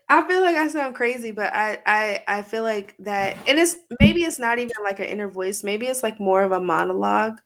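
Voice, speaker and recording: A woman's voice: fairly high pitch, animated, normal speed, fairly bright tone. A woman co-hosting a casual podcast, talking candidly and rambling, swearing freely and leaning on "like" a lot. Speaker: podcast co-host. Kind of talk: casual chat.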